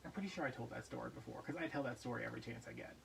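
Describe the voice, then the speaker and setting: Man, casual crafting vlog host, animated storyteller, distant mic, faint room hum. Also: medium pitch, very fast, gravelly. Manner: animated, acts out voices in his anecdotes.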